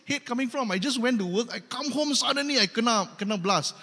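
A man's voice: extremely high pitch, brisk, bright, forceful tone, big-room sound, pitched above the performer's own voice, heavily acted. A man voicing a bewildered husband who asks in a raised, puzzled voice why he is under attack, with a Malaysian English accent.

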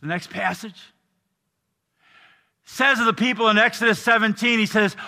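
An older man preaching a sermon as pastor, earnest, dropping soft and low and then rising to emphatic lines. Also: normal speed, vocal fry, pauses often, big-room sound. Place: church.

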